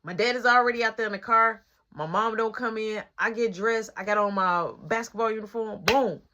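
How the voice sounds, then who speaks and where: A woman telling a story in an animated, slangy way, acting out all the voices. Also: a little high, brisk, highs cut off. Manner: animated, slangy, acts out every voice. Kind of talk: casual storytelling.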